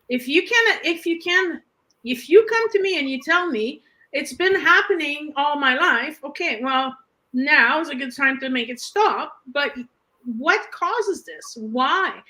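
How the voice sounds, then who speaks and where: A woman's voice: high-pitched, lively intonation, unhurried, pushed and bright, low-quality recording. A woman co-hosting a casual conversation, an emphatic storyteller who acts out the dialogue she quotes. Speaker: end of life doula, co-host.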